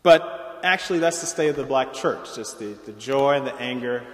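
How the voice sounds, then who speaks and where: Male lecturer, mid-range voice, deliberate academic delivery, long hall reverb. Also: mid-range voice, lively intonation. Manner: measured, explanatory, occasional restarts.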